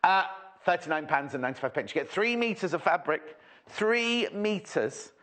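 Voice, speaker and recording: A man's voice: sits high, expressive, normal speed, fairly bright tone. A man presenting a TV shopping show in a chatty, rambling, jokey way, full of asides. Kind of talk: chatty live sales presentation.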